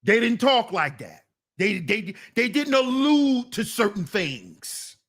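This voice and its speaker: High pitched guy, blunt casual rant, scolding his chat. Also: very animated, slow, a bit bright. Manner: blunt, scolding, talks back to viewers. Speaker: commentary channel host.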